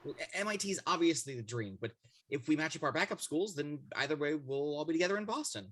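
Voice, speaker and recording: An earnest, eager teen boy hero, read by a man in a fan script reading. The voice is bright and a little husky, with lively pitch that jumps up when he pleads. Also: quick pace. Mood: hopeful.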